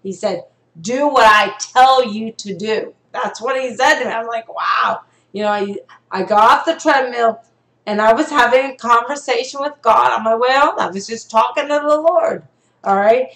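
A woman's voice: fairly high pitch, moderate pace, vocal fry, a bit bright, reverberant, poor audio. A woman giving a live-streamed prophetic message, earnest and direct, often checking in with "okay?" and "you know".

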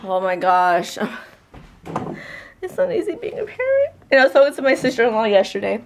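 A woman's voice: on the high side, wildly swooping pitch, fairly quick, a little hiss or hum. A young pregnant woman chatting casually in a vlog, dropping Spanish words into her English talk. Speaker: vlogger.

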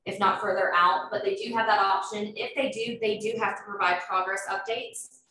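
A woman's voice: medium pitch, fairly even intonation, normal speed, a crowd in the background. Woman, loan officer presenting, casual and explanatory; distant, roomy recording. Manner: explanatory, filler-heavy. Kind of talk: informal presentation. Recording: echoey room, far from mic, faint noise.

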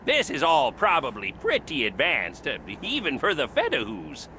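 A man's voice: a little high, huge pitch swings, normal speed, sharp tone, a little hiss or hum, heavily acted. A man voicing a giggly, eager small-town coroner in a video game, tacking a silly sound onto his words. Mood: giddy. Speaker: game character.

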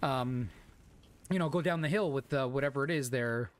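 A man giving excitable gameplay commentary into a desk microphone, swearing and shouting exclamations at enemies. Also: medium pitch, moderate pace, no echo. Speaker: gameplay video host. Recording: loud gunfire from game audio. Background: game sounds, gunshots and clicks.

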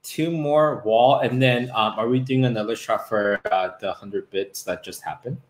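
A man co-hosting a live cooking stream in casual chat, goofy and excitable. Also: medium pitch, echoey room. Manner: goofy and excitable, quick to sing and laugh.

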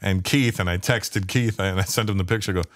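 A man's voice: deep voice, a little fast, background noise. A man in his fifties from Canada, a stand-up comedian telling stories in casual chat, swearing freely and acting out the voices of people he quotes. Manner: profane, animated, acts out quoted voices.

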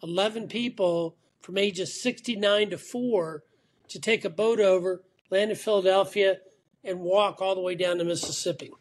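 Man, guest, high voice, talkative, storytelling, remote call. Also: steady tone, moderate pace. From Atlanta, Georgia. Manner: talkative, storytelling with repeated restarts. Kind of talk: casual interview chat.

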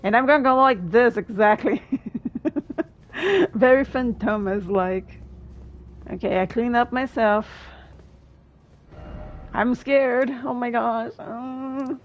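A woman talking her viewers through a game, her voice sitting a little high. She bursts into exclamations and thanks her audience between moments. A faint hiss of noise runs underneath. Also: takes it slowly, long pauses, dull audio. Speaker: gaming streamer. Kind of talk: live gameplay commentary.

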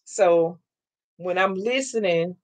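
A woman hosting a live crafting stream from home, loud and excitable, chatting with viewers and laughing often. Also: fairly low pitch, slow, dry recording. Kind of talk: casual live-stream chat, reading viewer comments.

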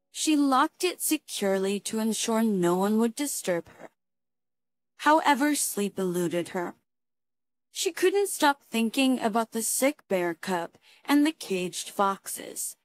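A woman narrating a dramatic story in an even, measured reading voice. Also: mid-range voice, no room sound.

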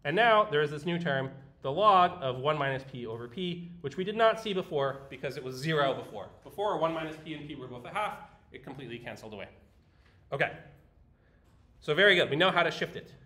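A man lectures a university class with a slightly high, sharp voice, brisk and animated. His explanations are chatty, full of fillers and restarts, and the recording echoes through the large lecture hall.

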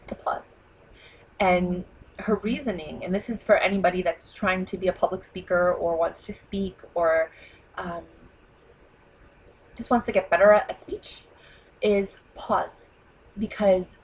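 Woman, 30s, from New York, husky tone; animated, chatty vlogger. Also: medium pitch, poor audio. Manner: chatty and animated, full of "you know" and "like". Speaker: vlogger giving speaking advice. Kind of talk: casual talk to camera.

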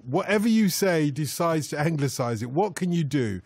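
A man's voice: fairly high pitch, lively intonation, moderate pace, a little mellow, no room sound. A man hosting a radio phone-in, chatty and laughing easily as he talks over his guests. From grew up in Britain. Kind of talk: casual radio phone-in chat. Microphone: studio microphone.

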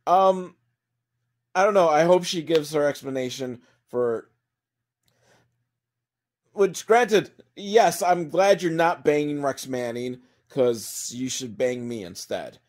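Taking it slowly in a slightly high voice, a man mocks a movie in a rambling, profanity-laced recap, playing the role of a comedic reviewer with heavy sarcasm.

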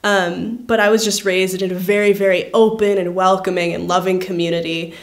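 A woman's voice: fairly low pitch, level tone, moderate pace. A young woman talking in a personal interview, reflective and thoughtful, with frequent "um" and "like" fillers. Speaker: award honoree.

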